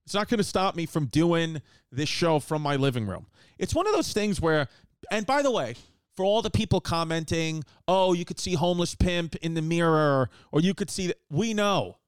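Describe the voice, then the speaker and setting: A man hosting a casual comedy show from his living room, rambling and joking with quick asides. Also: a little high, lively intonation, smooth, no echo. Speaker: podcast host.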